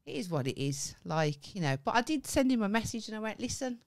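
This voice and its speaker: A woman's voice: medium pitch, very animated, fairly quick. A woman co-hosting a comedy podcast, telling a story animatedly, acting out quoted lines and swearing freely. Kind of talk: casual storytelling chat.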